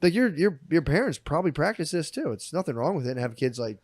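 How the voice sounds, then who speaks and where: Giggly young man, animated high voice. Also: fast, no echo. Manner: crude, joking, laughs often. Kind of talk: casual chat.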